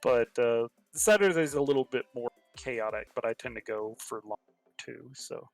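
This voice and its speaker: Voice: medium pitch, moderate pace, vocal fry, no echo, faint music behind. A streamer with a subtle Texan accent, chatting casually in a livestream interview and laughing often. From Texas. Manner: laid-back, laughs often. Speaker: VTuber streamer, interview guest.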